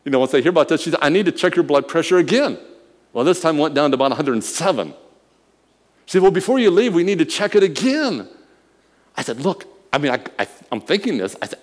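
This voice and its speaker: A man preaching a sermon, telling a personal story with quiet murmurs and loud emphatic bursts. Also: on the high side, very animated, quick pace. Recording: long hall reverb.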